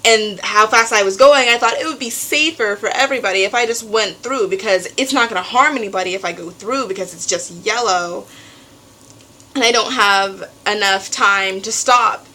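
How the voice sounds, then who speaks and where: A teenage girl vlogging at home, telling a story in an animated way and acting out what others said. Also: mid-range voice, moderate pace, poor audio. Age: teens. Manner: animated storytelling, acts out quotes. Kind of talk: casual venting vlog.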